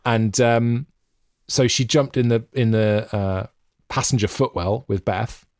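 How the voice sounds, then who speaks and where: A man's voice: medium pitch, a little slow, darkish tone, no room sound, studio quality. A man in his thirties, a podcast co-host, telling rambling, self-mocking stories from home. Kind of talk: casual chat. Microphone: USB podcast mic with headphones.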